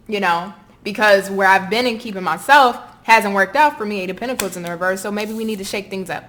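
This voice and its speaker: A woman's voice: mid-range voice, a little fast, few pauses, a bit bright. A woman with a Southern US accent giving a casual, encouraging tarot reading straight to her viewers. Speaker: tarot reader.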